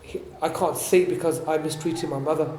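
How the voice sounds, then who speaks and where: A man giving a religious talk, explaining points and asking his listeners questions, reciting Arabic quickly before translating it. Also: a little high, steady tone, darkish tone, roomy sound, a little hiss or hum. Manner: explains and asks the audience questions. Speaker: religious teacher. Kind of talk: sermon. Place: event hall.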